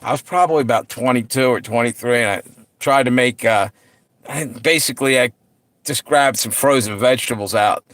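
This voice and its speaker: A man's voice: medium pitch, a little fast, a bit bright, no echo. A middle-aged man hosting a livestream, chatting casually with viewers and telling stories, laid-back, laughing often and swearing freely. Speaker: livestream host.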